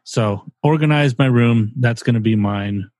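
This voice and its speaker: A man with a medium-pitched, slightly mellow voice speaks at a measured pace, with no room sound. Co-hosting a casual podcast, he chats, rambles and jokes, swearing now and then.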